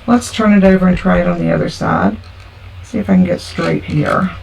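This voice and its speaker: A chatty woman walks through a card-making tutorial step by step. Her voice is a little gravelly and sits back from the mic. Faint noise hums under it. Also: lowish voice, very animated, brisk, darkish tone. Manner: chatty, homey, talks through each step. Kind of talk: casual craft tutorial. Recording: from a distance with faint background noise.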